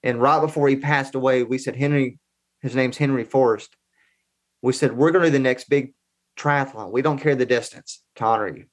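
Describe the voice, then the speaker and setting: A man's voice: mid-range voice, fairly even intonation, fairly quick. A man in his forties telling personal stories as a guest in a casual interview, in an earnest, conversational way. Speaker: podcast guest.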